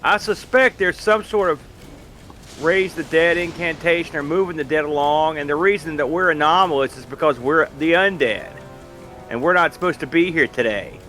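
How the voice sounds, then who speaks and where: A man's voice: on the high side, moderate pace, pushed and bright, faint music behind. A man playing in a tabletop horror game, chatting casually and thinking aloud as he offers theories. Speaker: player. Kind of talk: casual game chat over voice call.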